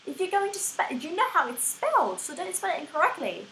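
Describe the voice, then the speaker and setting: A woman's voice: very high voice, brisk, a little hiss or hum. Young woman ranting w put-on american accent, cussing, fed up, echoey room. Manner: exasperated, swearing, animated ranting. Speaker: vlogger. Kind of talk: ranting to camera.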